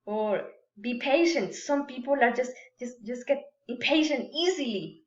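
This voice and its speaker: A woman whose first language is Spanish teaches grammar in a recorded remote lesson, unhurried and careful, with many fillers and restarts. Her voice sits a little high. The room echoes and the sound is a bit muffled. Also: expressive. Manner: slow and deliberate, many fillers and restarts, models example sentences.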